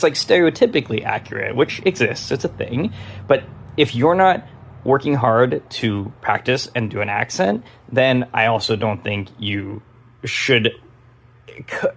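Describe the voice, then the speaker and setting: A man's voice: medium pitch, vocal fry. A man from Taiwan, an improv teacher, giving his frank opinion in a casual talk to camera. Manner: casual, frank, lots of fillers.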